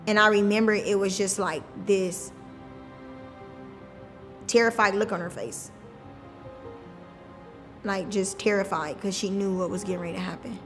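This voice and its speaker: Woman, interview guest, emotional colloquial storyteller, mid pitch, reverberant room. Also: fairly even intonation, a little slow, long pauses, soft background music. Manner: colloquial and emotional, many fillers. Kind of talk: personal storytelling.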